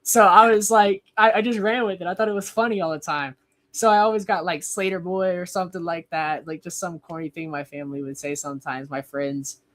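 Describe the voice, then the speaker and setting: A man's voice: high-pitched, fairly even intonation, brisk, a bit bright. A young man in his twenties, a wrestler guest telling a casual story, rambling with lots of "like". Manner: rambling, heavy use of "like".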